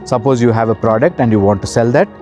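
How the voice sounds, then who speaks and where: Guy preaching about honesty, warm mellow voice, soft music behind. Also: medium pitch. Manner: emphatic, repeats words, slows down to stress points. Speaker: spiritual counsellor and life coach. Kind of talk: earnest spoken talk to camera.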